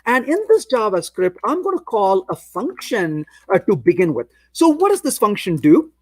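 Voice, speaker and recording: A man's voice: high voice, sing-song, moderate pace, no echo. A man presenting a technical lecture at a conference, chatting through everyday analogies with a touch of self-deprecating humor. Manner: conversational, explains with everyday analogies. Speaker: conference speaker.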